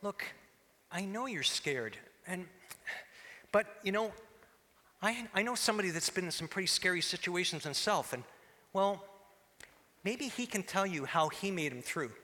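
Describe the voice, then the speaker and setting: A man's voice: sits high, lively intonation, bright, forceful tone. A man playing a flustered, stammering organizer. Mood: hurried. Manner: hurried, stammering. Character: flustered male organizer rushing everyone along. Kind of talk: live church camp skit. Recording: reverberant hall.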